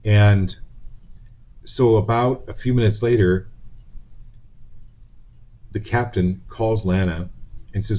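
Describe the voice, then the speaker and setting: A man with a very low voice leads a live-stream card reading, speaking casually and with lively storytelling. The sound is slightly dull and lo-fi. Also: takes it slowly, pauses often. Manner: storytelling, animated retelling of quotes. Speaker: psychic reader.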